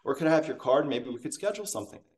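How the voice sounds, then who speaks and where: A man voicing a calm, veteran saleswoman who asks friendly questions one after another. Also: mid-range voice, very fast, recorded from a distance, lightly acted. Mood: curious. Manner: friendly, asking many questions. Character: calm, curious senior saleswoman, veteran partner.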